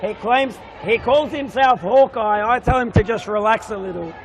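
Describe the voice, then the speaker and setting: High-voiced man calling futsal live. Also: moderate pace. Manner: chatty, jokey, banters with the referee. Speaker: futsal commentator. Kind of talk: live sports commentary. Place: indoor futsal stadium. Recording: crowd noise in a sports hall. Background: crowd noise.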